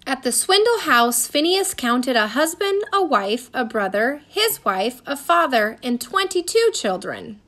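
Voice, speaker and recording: Lively, high-voiced woman reading a storybook. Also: unhurried, hardly any pauses. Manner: expressive, lilting, storytelling cadence. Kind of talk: storybook read-aloud narration.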